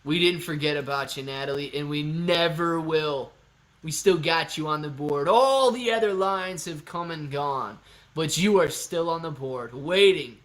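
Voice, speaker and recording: A man hosting a live stream, chatting casually and excitably with his viewers and thinking out loud. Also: on the high side. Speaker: livestream host answering chat.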